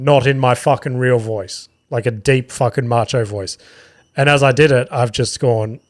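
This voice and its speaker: A man's voice: mid-range voice, moderate pace. An Australian man hosting a podcast, telling a rambling, profane story about touring as a stand-up comedian. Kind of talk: casual storytelling monologue.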